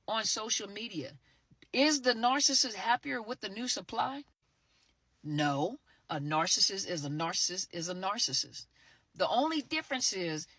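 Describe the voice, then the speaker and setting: A woman's voice: a little high, fairly bright tone, no echo. A woman host speaking animatedly about narcissistic abuse and often repeating phrases for emphasis.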